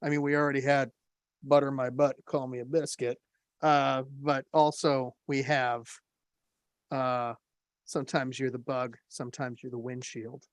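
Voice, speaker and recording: A man's voice: medium pitch, little pitch movement, measured pace, no room sound. A male podcast host from the northern United States leads loose banter with his co-hosts. He talks wryly and reads folksy sayings aloud with amused emphasis. His voice is close and dry, with almost no room around it. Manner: wry, reads sayings from a phrase book.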